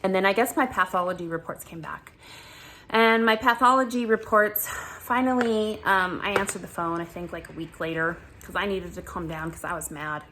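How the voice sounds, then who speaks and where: A woman vlogging casually about her own recent ordeal, animated and exasperated, breaking into laughter often. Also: lowish voice, normal speed, slight background noise. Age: adult with children. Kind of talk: casual storytelling vlog.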